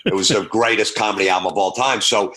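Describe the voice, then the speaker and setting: Brief: male stand-up comedian guest, lower pitch, bright tone, animated storytelling. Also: fast talker. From New York. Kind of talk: casual anecdote telling.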